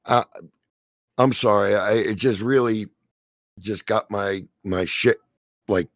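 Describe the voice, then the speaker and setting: A middle-aged man with a New Jersey accent, delivering a heated, profanity-filled rant on a stream, stammering and shouting as he goes. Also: lowish voice, fairly even intonation, slow, no room sound. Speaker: stream co-host. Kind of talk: angry ranting commentary.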